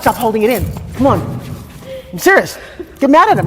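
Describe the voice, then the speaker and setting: A woman coaching a participant live, blunt and profane, pushing hard and often shouting. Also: on the high side, very animated, fairly quick, pauses often, over music. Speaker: transformational coach. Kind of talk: confrontational live coaching session. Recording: echoey hall with faint noise.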